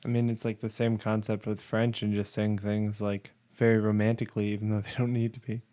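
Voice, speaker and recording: Animated young man telling stories. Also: lowish voice, a little fast. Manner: animated storytelling, laughing. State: high. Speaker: podcast co-host. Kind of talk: casual chat.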